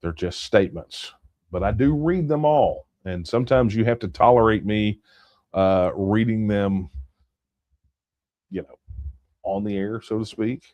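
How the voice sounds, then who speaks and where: A man's voice: on the low side, a little slow, long pauses, darkish tone, no room sound. A man hosting a casual late-night livestream Q&A, talking loosely and thinking aloud with fillers and restarts. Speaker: livestream Q&A host.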